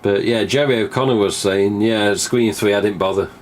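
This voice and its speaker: A man's voice: lowish voice, fairly even intonation, normal speed, a little hiss or hum. A man, hosting a live stream in a rambling, casual monologue, swearing freely and acting out remembered conversations. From England. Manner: chatty, swears casually, acts out remembered dialogue.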